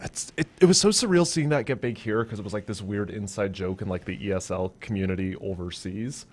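A man's voice: fairly low pitch, brisk, a little mellow. A man, a guest on a casual chat show, talking in an easygoing, thoughtful way.

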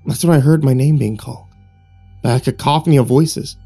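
A man narrating a horror story in a hushed, suspenseful storytelling manner. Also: mid-range voice, a little fast, husky, soft background music. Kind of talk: scripted narration.

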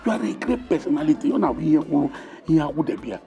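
A man's voice: fairly high pitch, sing-song, normal speed, gravelly, mellow. Blustering Igbo father, Nigerian Igbo accent, swooping voice over faint film music. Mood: scolding. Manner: scolding, rambling, mixes Igbo and English. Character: bossy blustering Igbo father, middle-aged man.

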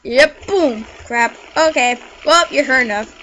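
A woman giving let's play commentary, excitable and jokey, squealing and shrieking at the game and chattering to herself. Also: high voice, a little slow, slight background noise, rough recording. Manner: jokey running self-talk. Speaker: gaming video creator.

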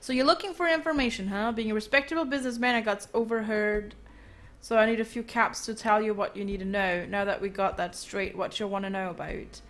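A woman's voice: medium pitch, steady tone, a little fast, fairly bright tone, natural voice. Woman reading out a sly info dealer. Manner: sly, wheedling. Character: sly male information dealer, greedy.

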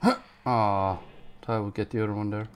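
A man giving casual gameplay commentary, panicking, swearing and yelling at enemies. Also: fairly low pitch, fairly even intonation, moderate pace, slight background noise. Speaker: gaming YouTuber.

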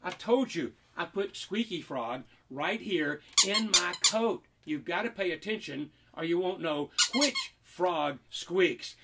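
A man's voice: high-pitched, expressive, takes it slowly, few pauses, noisy background. A man performing a magic trick and talking children through it with playful, teasing, mock-indignant patter.

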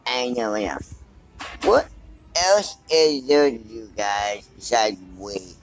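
Brief: male vlogger, slow unhurried delivery, mid-pitched voice, rambling and thinking out loud while recording on his phone inside a store. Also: lively intonation, low-quality recording. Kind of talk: casual walk-and-talk vlog. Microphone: handheld phone.

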